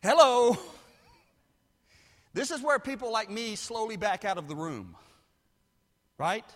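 A man's voice: high-pitched, very animated, moderate pace, sharp tone. A middle-aged man preaching a sermon as pastor, emphatic and punchy, with joking asides. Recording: echoey hall.

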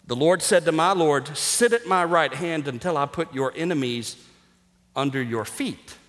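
A man preaching a sermon as pastor, energetic and jokey, sometimes rising almost to a shout for emphasis. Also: on the high side, moderate pace. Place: church sanctuary. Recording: reverberant hall.

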